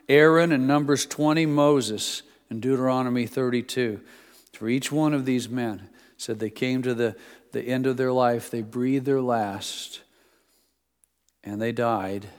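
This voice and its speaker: A man's voice: mid-range voice, clean tone. A middle-aged male pastor giving a sermon, with folksy stories in a conversational preaching manner. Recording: long reverb of a church hall.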